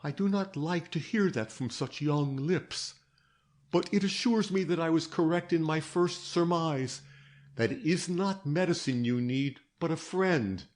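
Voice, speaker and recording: A man reading aloud, voicing an elderly detective who speaks gently and soothingly, coaxing and fatherly. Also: a little high, big pitch swings, slow pace, voice pushed up. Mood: gentle coaxing. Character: old male detective, fatherly, gentle and shrewd.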